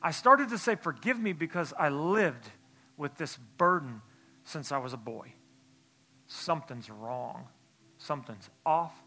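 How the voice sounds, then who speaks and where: Guy preaching in church, high bright voice, goes quiet and halting then builds up loud and urgent. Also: animated. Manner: hushed and halting in the story, then rising and forceful in the exhortation. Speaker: pastor. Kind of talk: sermon testimony.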